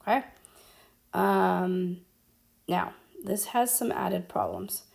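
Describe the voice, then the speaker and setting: A woman's voice: lowish voice, creaky, darkish tone. A woman teaching Spanish grammar at a whiteboard, explaining step by step with frequent ums. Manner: slow, explaining step by step with fillers.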